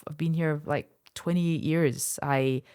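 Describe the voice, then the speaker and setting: A woman in her 30s from Kurdistan, north of Iraq, an aesthetics doctor, is a guest on a podcast interview, sharing personal stories candidly and emotionally while acting out other people's voices. Her low voice is steady, slow, darkish, clear and resonant. The studio sound is clean with no echo.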